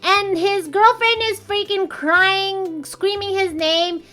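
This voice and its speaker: Woman co-host, very high and bright voice, animated ranting retellings. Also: takes it slowly, soft background music. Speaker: podcast co-host. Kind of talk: casual chat.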